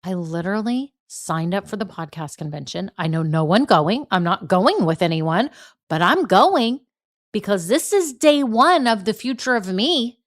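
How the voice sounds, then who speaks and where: A woman's voice: medium pitch, lively intonation, normal speed. A middle-aged woman with a Southern American accent, from Texas, hosting a motivational solo podcast in a chatty, encouraging way. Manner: chatty, encouraging, says y'all and right. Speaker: podcast host.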